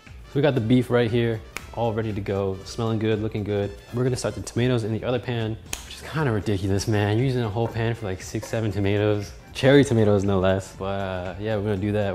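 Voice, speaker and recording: A man hosting a casual cooking vlog in a home kitchen, talking in a joking, self-mocking way with sudden loud outbursts. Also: fairly low pitch. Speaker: cooking video host.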